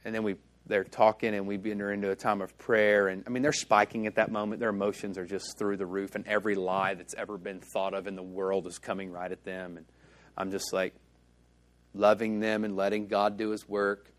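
A man's voice: on the low side, flat delivery, a little fast. A male pastor preaching a sermon in a church, telling stories in a casual, conversational way and acting out the dialogue.

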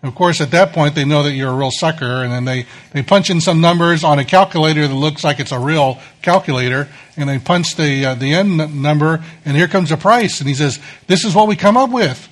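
A middle-aged man delivers a sermon in a voice that sits a little high. He speaks as a pastor, easygoing and conversational, leaning on self-deprecating stories to make his points. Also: brisk, few pauses.

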